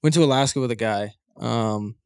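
A man co-hosting a podcast, telling a story in animated bursts and laughing mid-story. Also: medium pitch, moderate pace, smooth, dry recording, studio quality. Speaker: podcast co-host. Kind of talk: casual chat.

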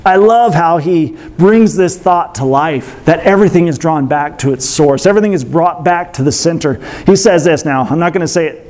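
Male pastor, higher voice, sermon delivery with questions to the pews. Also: a little mellow. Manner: teaching, asks the congregation questions.

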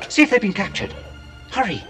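A man's voice: fairly quick, close to an everyday voice. An actor playing a fussy, anxious male protocol robot who talks in a prim, formal, fretful way. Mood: fretting. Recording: film soundtrack with music, distant.

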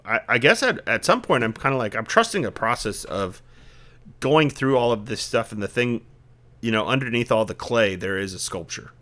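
A man's voice: mid-range voice, expressive, moderate pace, fairly bright tone. A man hosting a casual podcast conversation, talking in an earnest, reflective way in long, searching sentences. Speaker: podcast host.

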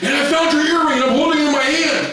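A man doing the voice of a stern older male camp director, scolding and shouting in a raised voice. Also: very high-pitched, fairly even intonation, fast talker, noisy background, pitched above the performer's own voice. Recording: roomy echo, distant mic.

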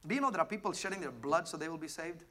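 A man preaching a sermon, emphatic, swinging between loud declarations and hushed asides while questioning the congregation. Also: a little high, expressive, racing, slight background noise. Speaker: pastor.

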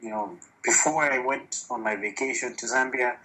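A man talking casually on a podcast with a bright, forceful tone. He speaks candidly, swears freely and tells his stories with animation. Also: medium pitch, normal speed, poor audio. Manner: candid, profane, animated storytelling. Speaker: podcast guest. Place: lives in China, recorded remotely or in a room.

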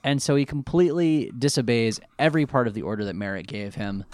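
A man co-hosting a casual recap chat, jokey and animated, breaking into goofy voices. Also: medium pitch, fast, no echo, studio quality. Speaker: podcast co-host recapping an anime.

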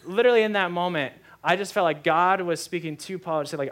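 Young adult male pastor with a somewhat high voice. Gives a casual, story-driven sermon with lots of fillers. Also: quick pace, hardly any pauses, a bit bright. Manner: storytelling, conversational with many fillers.

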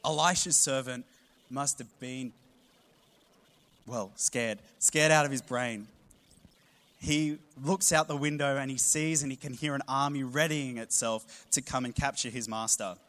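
A man, preaching a sermon with humorous storytelling and animated emphasis. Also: medium pitch, measured pace. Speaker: pastor.

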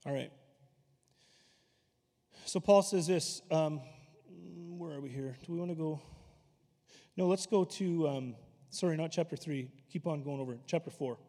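Conversational pastor in an echoing hall. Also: male voice, fairly high pitch, measured pace, pauses often, warm tone. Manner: conversational, storytelling with asides. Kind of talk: sermon. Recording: long hall reverb.

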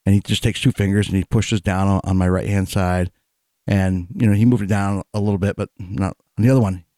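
A man's voice: low voice, fairly even intonation, fairly quick, warm tone, no echo, studio quality. A man co-hosting a podcast, telling stories in a casual, profane way and laughing often. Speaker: podcast co-host. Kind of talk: casual chat.

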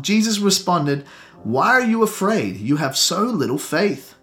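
A man preaching a sermon earnestly, slowing down to stress the scripture he reads. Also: a little high, very animated, a bit bright.

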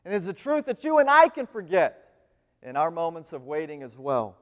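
High-voiced preacher swinging from loud to hushed. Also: male voice, very animated, fairly quick. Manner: dramatic swings between loud pleading and hushed near-whispers. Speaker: guest speaker. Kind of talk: sermon. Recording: long hall reverb.

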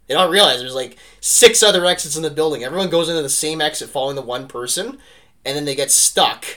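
Bright, energetic male co-host; animated and rambling storyteller who keeps checking in with "right?". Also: on the high side, fast talker. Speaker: podcast co-host. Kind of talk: casual history discussion.

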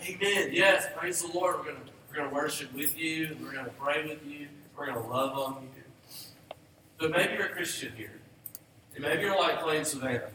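Pastor guy preaching, bright forceful voice, big echoey church, kinda far from the mic. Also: fairly high pitch, slight background noise. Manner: earnest, rising to emphatic calls. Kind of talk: sermon. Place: church sanctuary.

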